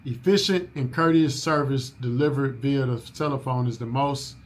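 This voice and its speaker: A man's voice: mid-range voice, moderate pace. A man leading a staff orientation in a coaching manner, repeating his key points and asking if people follow. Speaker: business owner training new staff.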